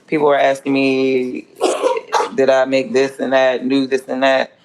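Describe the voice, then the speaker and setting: A woman with a gravelly, creaky edge to her voice chats casually on a livestream while she cooks. She is blunt and profane and rambles from one point to the next. A faint hiss sits under her voice. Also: a bass voice, completely flat delivery, measured pace. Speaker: home cook and food vlogger.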